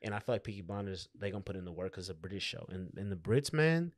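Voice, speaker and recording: A man with a fairly low voice talks loosely in casual podcast chat, joking and swearing as he goes. The sound is dry and close, with no room echo at all. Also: lively intonation, fast talker. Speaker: comedian, podcast co-host.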